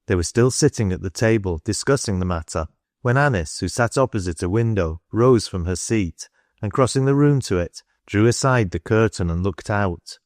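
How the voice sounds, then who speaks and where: Male audiobook narrator, low, unhurried, dry studio. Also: no room sound. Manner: steady, unhurried storytelling. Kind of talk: scripted narration.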